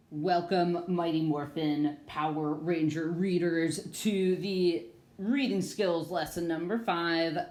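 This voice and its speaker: A woman's voice: on the low side, roomy sound. A young woman teaching an online reading lesson to children in an upbeat, playful way, singing a few phrases.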